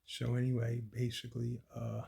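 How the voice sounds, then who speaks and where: Gravelly, profane man telling a story. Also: medium pitch, completely flat delivery, moderate pace, dark tone. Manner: profane, repetitive, restarts often. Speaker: son recounting his mother's death. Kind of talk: rambling personal account.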